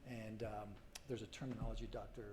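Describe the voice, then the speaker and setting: A man in his forties telling his own story to a symposium audience, halting and emotional, full of restarts and fillers. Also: on the low side, flat delivery, darkish tone, slight background noise. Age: 40s. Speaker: patient speaker at a medical symposium. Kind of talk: personal story told to an audience. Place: conference hall.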